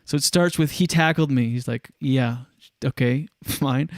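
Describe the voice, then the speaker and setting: A man's voice: mid-range voice, unhurried, no echo, studio quality. A man hosting a casual talk show, recapping a viral clip, acting out the quotes and laughing often. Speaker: show host. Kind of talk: casual commentary on viral clips.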